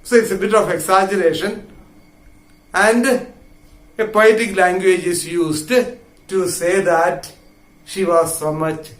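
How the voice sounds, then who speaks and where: A man's voice: sits high, steady tone, slow pace, long pauses, fairly bright tone. A male English literature teacher explaining a play line by line, patiently repeating and paraphrasing each point. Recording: roomy echo.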